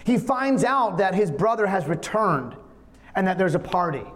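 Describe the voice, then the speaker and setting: A man's voice: high voice, big pitch swings, normal speed. A man preaching a sermon in an earnest, conversational, storytelling manner. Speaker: pastor. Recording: long reverb of a large hall.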